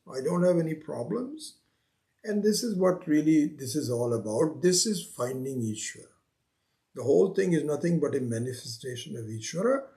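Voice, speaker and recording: A man teaching a spiritual scripture class, unhurried, repeating his phrases and acting out the seekers he quotes. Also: medium pitch, gravelly, darkish tone. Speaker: Vedanta teacher.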